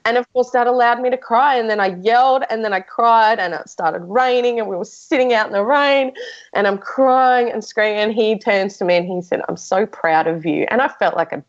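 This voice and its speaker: A woman's voice: fairly high pitch, a little fast, muffled recording. A woman speaking as a podcast guest, telling her own story frankly in casual conversation, with many restarts and fillers.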